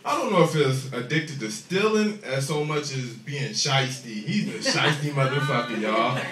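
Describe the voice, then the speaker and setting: A man doing a profane, animated stand-up comedy set on a club stage, with shouted punchlines. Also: medium pitch, normal speed. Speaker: stand-up comic. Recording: echoey club audio recorded from a distance. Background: loud crowd laughter.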